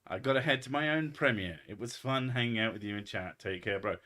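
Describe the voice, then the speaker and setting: A man with an English accent that blends posh and Essex, chatting on a stream. His voice is bright and forward. He jokes and swears freely. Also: medium pitch, a little fast. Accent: English, mix of posh and Essex. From England. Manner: sweary and joking. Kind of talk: casual stream chat.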